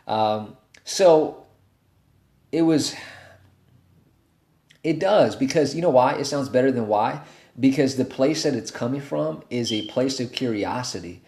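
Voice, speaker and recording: A man in his thirties giving a motivational talk on a livestream, telling a story in a casual, animated way. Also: medium pitch, roomy sound. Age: 30s. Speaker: motivational speaker.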